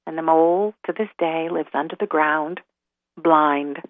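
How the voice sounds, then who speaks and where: A woman telling a folk tale, slow and dramatic in her delivery, heard over a tinny line. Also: deep voice, dry recording. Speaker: storyteller. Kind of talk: storytelling narration.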